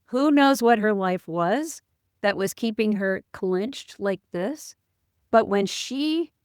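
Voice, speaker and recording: A woman's voice: medium pitch, dry recording. Woman telling a vivid story, dry sound. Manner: clears throat now and then. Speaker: spiritual teacher, guest. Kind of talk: personal storytelling in an interview.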